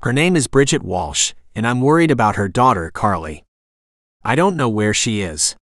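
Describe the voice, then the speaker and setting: A man's voice: on the low side, big pitch swings, normal speed, a bit bright, dry recording, studio quality. A man voicing a frightened young widow, speaking in an earnest, pleading way. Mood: worried.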